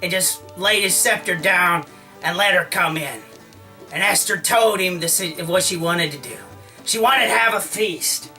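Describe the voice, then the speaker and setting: A man's voice: high-pitched, unhurried, bright, forceful tone, recorded from a distance, faint music behind, rough recording. A man casually retelling an old story in a slangy, comic way, often acting out the characters' lines. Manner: slangy, full of "like", acts out lines.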